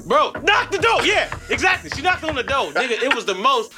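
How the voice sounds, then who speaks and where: A man with a high, bright voice hosts a chat show and tells explicit stories with lots of energy. His pitch swings up and down widely as he talks. Faint music plays underneath. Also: fairly quick. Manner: animated, profane storytelling. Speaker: podcast host. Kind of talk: crude casual chat.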